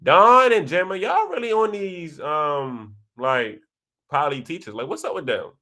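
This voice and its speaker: A young man hosting a live chat, reading viewer comments and telling stories in a slangy, animated way. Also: unhurried. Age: young adult. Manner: animated, slangy storytelling with big pitch jumps. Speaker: host of a live chat session.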